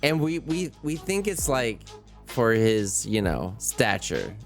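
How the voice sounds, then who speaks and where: Excitable, lively-voiced young gamer. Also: male voice, medium pitch, slow, faint music behind. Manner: excitable, swearing, joking. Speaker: player. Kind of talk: playing a tabletop game.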